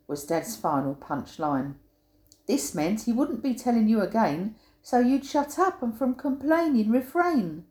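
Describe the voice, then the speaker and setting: A woman's voice: on the high side, sing-song, unhurried, a little mellow. An older woman reading her own humorous rhyming poem aloud, giving quoted sayings a playful, punchy emphasis. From England. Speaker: poet. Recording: roomy echo.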